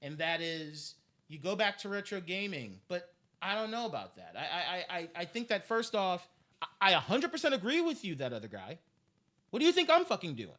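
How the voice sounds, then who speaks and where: A man's voice: high-pitched, big pitch swings, normal speed, pushed and bright. A man ranting on a live stream, heated and profane, repeating himself as he vents.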